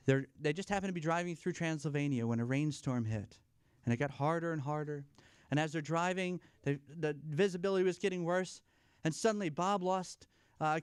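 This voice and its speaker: A man telling corny jokes and a long shaggy-dog story at a church family night, playful and self-deprecating, pausing for laughs. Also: on the high side, clean tone, no room sound, studio quality. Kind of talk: stand-up style corny jokes. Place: church fellowship event, live.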